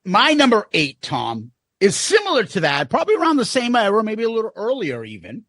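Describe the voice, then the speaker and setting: Podcast co-host, man, rambling joker, higher voice with lots of swing, dry close mic. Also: wildly swooping pitch, brisk, a bit bright, no echo. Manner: rambling, joking storyteller. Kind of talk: casual chat.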